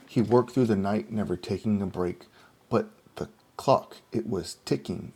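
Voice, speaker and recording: A man reading a rhyming picture book aloud in a steady, rhythmic storytelling manner. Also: fairly low pitch, unhurried, slightly rough. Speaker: storybook reader.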